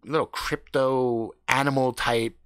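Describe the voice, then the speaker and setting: A man's voice: medium pitch, steady tone, clear, resonant tone, no echo, clean studio sound, lightly acted. A man doing a drawling laid-back teen. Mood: casual. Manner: slow, drawn-out, full of "like". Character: laid-back teen boy, streetwise and casual.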